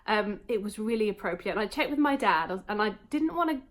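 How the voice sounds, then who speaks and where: A woman chats to camera in a casual home vlog. She rambles and fills gaps with "um" and "like", and her voice sits at an ordinary middle pitch. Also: animated. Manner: rambling, talks in quick bursts, many fillers. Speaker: vlogger.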